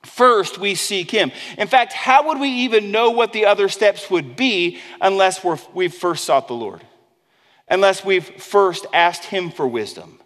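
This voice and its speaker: A man preaching a sermon in a conversational way, dropping low and quiet on key words and acting out the voices of people he quotes. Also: animated, measured pace, long reverb tail. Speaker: pastor.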